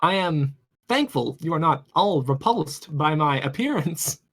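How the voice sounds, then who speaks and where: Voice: medium pitch, expressive, measured pace, husky. Polite goo-creature doctor, formal speech , voiced by a game master at the table. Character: goo-covered male skeleton doctor speaking via box. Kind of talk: tabletop role-play voicing.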